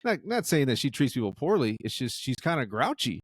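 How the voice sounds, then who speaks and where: A man's voice: medium pitch, very animated, a little fast, slightly rough, dry recording, studio quality. A man co-hosting a podcast, chatting casually, joking and teasing. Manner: joking, teasing, throws in mock voices. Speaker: podcast co-host.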